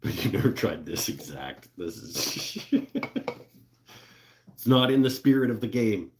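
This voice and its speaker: The speaker, a livestream host in his woodworking shop, reads viewer comments and chats in a relaxed, joking way with many fillers and laughs. His voice is fairly low and darkish, swinging widely in pitch at a normal speed.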